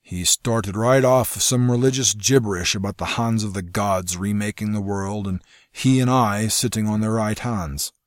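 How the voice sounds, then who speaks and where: A man voicing a blunt, proud mercenary commander who speaks gruffly and sardonically in a storybook reading. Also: on the low side, steady tone, moderate pace, hardly any pauses, no room sound, clean studio sound, close to an everyday voice. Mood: wry.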